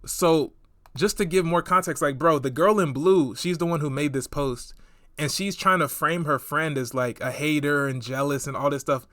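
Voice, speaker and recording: Young man, casual commentary, slangy, chatty, a bit high-pitched, dry close sound. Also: normal speed, a bit bright, no room sound. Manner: slangy, chatty, keeps saying bro. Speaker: online commentator.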